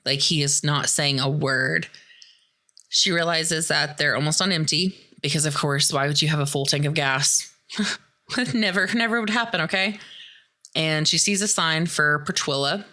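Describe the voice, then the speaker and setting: Woman podcast host, low but bright voice, snarky and casual in her film recap. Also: steady tone, unhurried. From Midwestern US. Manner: sarcastic, chatty, swears freely. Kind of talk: casual movie recap commentary.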